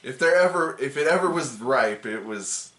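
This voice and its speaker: A man's voice: mid-range voice, lively intonation, moderate pace, a bit bright. A man co-hosting a casual reaction chat. He drops dry, wisecracking asides. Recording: roomy home room.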